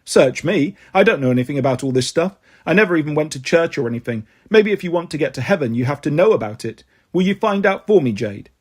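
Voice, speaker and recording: A man voicing a sharp-tongued, bossy ghost schoolgirl with a sarcastic, teasing manner, read in a storybook. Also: on the high side, expressive, quick pace, hardly any pauses, slightly rough. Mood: restless.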